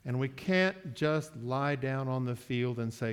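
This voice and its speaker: A man preaching a sermon, moving from quiet asides to loud, drawn-out declarations. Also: mid-range voice, lively intonation, clean tone. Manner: slow, emphatic preaching with sports metaphors; swings from soft asides to loud, stretched-out declarations. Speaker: pastor.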